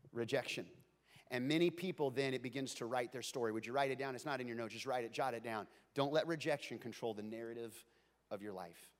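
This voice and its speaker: A man preaching a sermon in a conversational, joking style that swings between playful asides and earnest points. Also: on the high side. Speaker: pastor.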